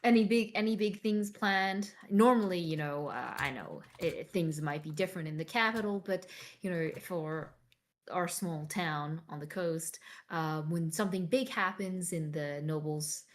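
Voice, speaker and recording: A woman's voice: on the low side, unhurried, a little hiss or hum, lightly acted. A woman playing a weary, drifting former bodyguard in a tabletop game, speaking politely in a hesitant, rambling way. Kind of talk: tabletop role-play in character.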